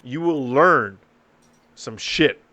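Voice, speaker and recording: A young man talks on his podcast, swearing freely and telling stories with lots of energy. His voice sits at an ordinary pitch for a man. The chat is loose and casual. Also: takes it slowly, over a noisy crowd. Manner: profane, animated storytelling. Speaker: podcast host.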